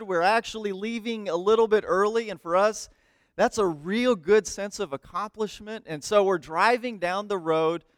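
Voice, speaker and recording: A man in his thirties, a missionary preacher telling a lively story in a sermon and acting out the voices in it. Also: high-pitched, clean tone, no echo. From United States. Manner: animated, acts out voices in his stories.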